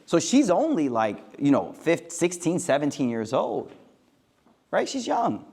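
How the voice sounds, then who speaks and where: A man's voice: a little high, wildly swooping pitch, a little slow, gravelly, darkish tone, husky. A man giving a casual, joking religious talk to a live audience, using street slang and acting out quoted lines. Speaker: Islamic speaker.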